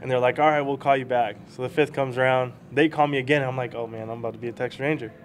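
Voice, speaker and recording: A man's voice: medium pitch, steady tone, fast, slight background noise. A young man, a baseball prospect, telling rambling stories in a casual interview, laughing as he goes.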